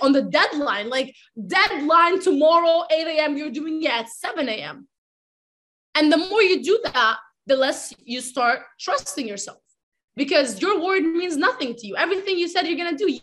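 Young woman, high and bright, animated motivational speaker who acts out quotes. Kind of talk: motivational talk.

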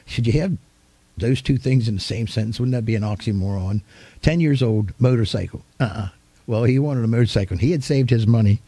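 An older man, a pastor, giving a storytelling sermon in a folksy, homespun manner with animated retelling. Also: medium pitch, fairly quick, husky, dry recording.

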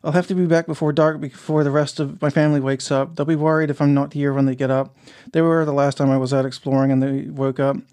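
A man's voice: on the high side, flat delivery, fast talker, a little mellow, clean tone, lightly acted. A man voicing a cheerful, playful ghost girl in a storybook reading, with a chirpy manner. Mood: chatty.

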